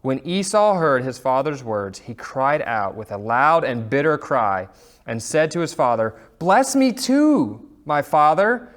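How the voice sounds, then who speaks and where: A male Sunday school teacher in a casual, chatty lesson. He reads the passage aloud and breaks off with relaxed asides full of fillers, with a voice of middling pitch. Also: unhurried.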